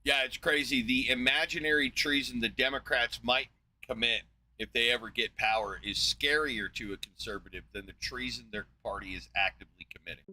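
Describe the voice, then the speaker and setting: Bright, ranting man host. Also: mid-range voice, a little fast, poor audio. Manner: ranting, profane, scornful. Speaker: live-stream host. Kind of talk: heated reaction commentary.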